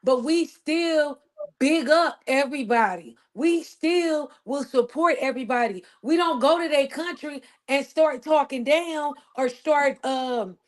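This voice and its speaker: A woman's voice: sits high, unhurried. A woman in a heated casual discussion, emphatic and insistent, repeating her points. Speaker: co-host.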